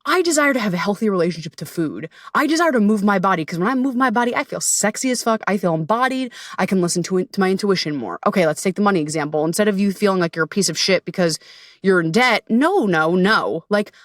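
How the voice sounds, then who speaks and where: Woman podcast host, thirties, playful and frank, mid-pitched, dry close mic. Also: expressive, fast, dry recording. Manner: bubbly, candid, swears freely, playful. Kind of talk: casual self-help podcast monologue.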